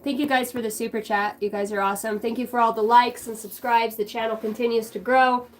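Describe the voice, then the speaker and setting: A woman's voice: on the high side, flat delivery, a little fast, faint music behind. A woman giving a collective tarot reading on a livestream, talking in a loose, meandering way with casual swearing and many fillers. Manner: casual, meandering, swears freely, talks to chat. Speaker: tarot reader streaming live.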